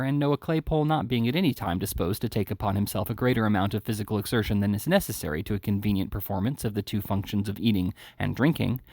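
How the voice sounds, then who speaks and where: Gravelly-voiced man reading a classic novel. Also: on the low side, no echo, studio quality. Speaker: reader. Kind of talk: audiobook narration of a classic novel.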